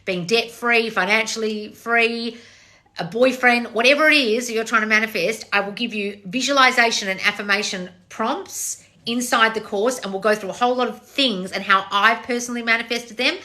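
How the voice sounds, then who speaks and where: A woman's voice: fairly high pitch, normal speed, sharp tone. A woman coaching viewers on a live stream, reading their comments aloud and answering bluntly with pointed rhetorical questions, swearing casually.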